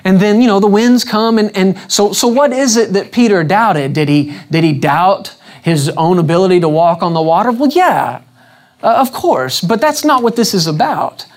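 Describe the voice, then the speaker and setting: A man's voice: high voice, lively intonation, normal speed. Conversational preacher questioning his congregation. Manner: acts out scripture quotes with varied emphasis. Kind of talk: evening church sermon. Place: church service before a congregation.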